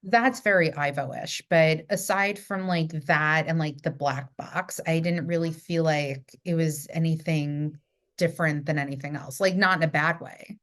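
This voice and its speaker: New York woman, low voice, chatty podcast guest full of stories. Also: unhurried. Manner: chatty, animated storytelling with frequent fillers. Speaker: guest, theatre director. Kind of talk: casual podcast chat.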